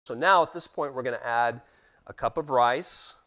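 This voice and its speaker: A man talks through a cooking demonstration step by step. His voice sits at a middling pitch for a man, easygoing and conversational. He keeps turning to the viewers as "guys" while he explains what goes into the pot. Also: normal speed, background noise. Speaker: guest cook.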